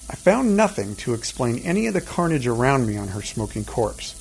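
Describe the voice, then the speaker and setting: Man narrating a dark fantasy tale. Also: mid-range voice, gravelly, breathy edge. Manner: steady, measured storytelling. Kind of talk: first-person fantasy story narration.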